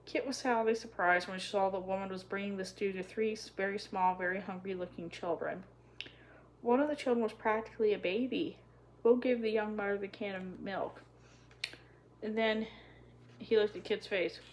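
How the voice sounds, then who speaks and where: A woman reading a children's chapter book aloud in a gentle, even storytelling manner. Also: mid-range voice, normal speed, a little hiss or hum, rough recording. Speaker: storybook reader.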